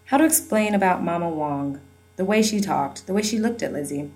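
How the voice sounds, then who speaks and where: A woman's voice: fairly low pitch, lively intonation, fairly quick, a little mellow, low-quality recording. Woman narrating an audiobook wryly. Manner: wry, conversational storytelling.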